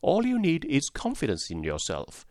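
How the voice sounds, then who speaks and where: A man voicing a gentle, apologetic old humbug wizard in a storybook reading, in a kindly, confiding way. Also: fairly high pitch, huge pitch swings, moderate pace, no room sound, studio quality, pitched above the performer's own voice. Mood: reassuring.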